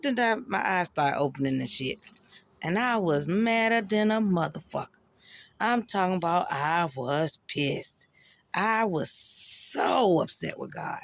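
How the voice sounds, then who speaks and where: A woman's voice: fairly low pitch, animated, measured pace, creaky. A woman telling a personal story in a raw, profane, emotional way, with slangy, conversational speech.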